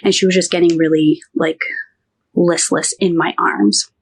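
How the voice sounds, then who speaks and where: Husky-voiced woman telling a personal story. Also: on the low side, normal speed. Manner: animated, acts out quoted dialogue, frequent "like". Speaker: podcast guest.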